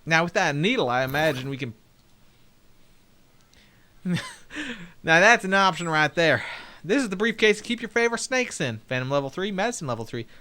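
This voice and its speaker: A man's voice: a little high, big pitch swings, moderate pace, pauses often, pushed and bright. A young man streaming a game, playfully commenting and reading dialogue aloud. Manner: playful, jokey, laughs often.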